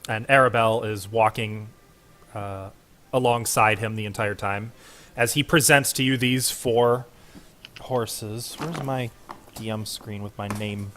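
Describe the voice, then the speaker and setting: A man running a tabletop game as game master, laid-back, laughing easily, and giving quick rulings. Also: fairly low pitch, steady tone, fairly bright tone, slight background noise.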